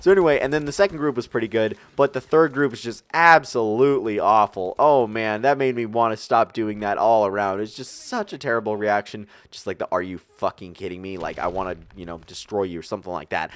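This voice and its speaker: A man's voice: fairly low pitch, a little fast, few pauses, no room sound. A young man telling a casual storytime vlog, rambling with lots of fillers and acting out the story. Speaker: vlogger.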